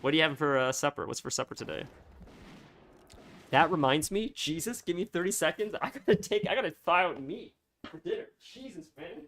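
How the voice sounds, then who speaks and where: A man's voice: on the high side, lively intonation, brisk, fairly bright tone. A man streaming a game and chatting casually with his viewers, rambling along with lots of filler words and restarts. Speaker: gaming livestreamer. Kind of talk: casual chat with live viewers.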